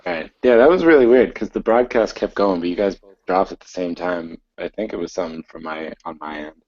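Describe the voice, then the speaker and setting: A man's voice: low-pitched, a little fast, a little mellow, lo-fi sound. A man narrating a tabletop game as game master, rambling with many fillers over an online call.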